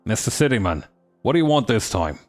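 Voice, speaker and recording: A grumbling, defiant dwarf rabble-rouser with a Cockney accent, voiced by a man. He sneers at officials in a low, gruff voice that rises and falls a lot. Faint music plays behind him. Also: very animated, fairly quick. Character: grumbling working-class male dwarf agitator. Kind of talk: video game dialogue read aloud.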